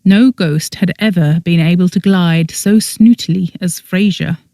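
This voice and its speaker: An audiobook narrator reading a first-person story in an even storytelling manner, close to the mic. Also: mid-range voice, a little slow, dry recording.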